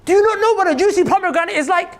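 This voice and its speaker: A man's voice: very high-pitched, expressive, fast, voice pushed up. A man voicing a rich older garden owner who scolds his worker with exasperated questions. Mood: indignant.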